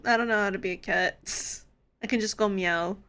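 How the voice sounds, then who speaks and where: A woman's voice: mid-range voice, steady tone, normal speed, fairly bright tone, clean tone. A woman live-streaming in casual chat, playful and giggly, swearing freely.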